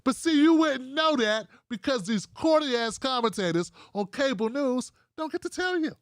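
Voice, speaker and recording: Reading out comments from his viewers' live chat, an American livestream host rants bluntly about politics and curses a lot. His very high voice has lively intonation at a moderate pace, recorded at studio quality without echo.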